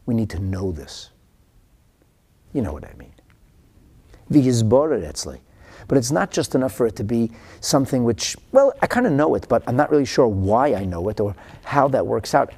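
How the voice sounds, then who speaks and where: Husky, animated male Torah teacher. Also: lowish voice, normal speed. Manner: animated, drops to whispers for emphasis. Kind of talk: lecture on a religious text.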